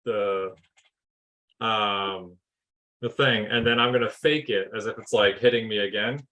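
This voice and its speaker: A man's voice: fairly low pitch, measured pace, pushed and bright, low-quality recording. A man playing a tabletop game, explaining his moves in a rambling way with many fillers. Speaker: player. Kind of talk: casual tabletop play.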